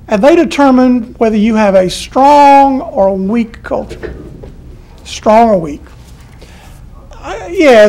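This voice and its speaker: A man's voice: high voice, vocal fry, darkish tone. A middle-aged man with a Southern US accent giving a folksy, chatty college lecture and repeating his key points. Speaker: college professor. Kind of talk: classroom lecture.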